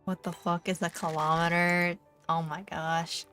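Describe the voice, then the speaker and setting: A young Canadian woman with a Canadian accent, streaming and chatting with her viewers in a teasing, rambling way. Her voice sits a little low, and she talks slowly and unhurriedly. Faint music plays softly behind her. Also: little pitch movement. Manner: chatty, teasing, filler-heavy. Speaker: VTuber streamer. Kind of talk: casual chat with viewers while gaming.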